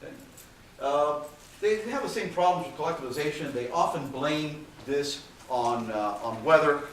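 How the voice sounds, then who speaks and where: A man's voice: fairly high pitch, normal speed. Man, university lecturer, casual classroom talk, dry sarcasm, distant mic, heavy room reverb. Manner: conversational, frequent "okay" and "uh" fillers, dry sarcastic asides. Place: lecture hall. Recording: very echoey hall, far from mic, faint hiss.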